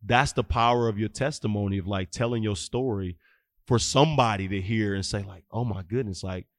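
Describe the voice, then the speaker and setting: Speaking a little fast in a fairly low voice, this youth football coach in his thirties shares stories on a podcast and acts out the dialogue with energy. The casual interview is clean, studio-quality audio without echo.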